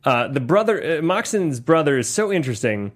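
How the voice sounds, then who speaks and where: A man from Ohio co-hosting a podcast, chatting casually and laughing about a movie. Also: a little high. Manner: lively, laughing, quick asides. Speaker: podcast co-host.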